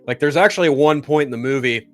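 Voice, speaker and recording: Excitable, cursing male movie vlogger. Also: mid-range voice, quick pace, faint music behind. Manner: enthusiastic, profane, rambling with restarts. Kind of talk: casual movie chat.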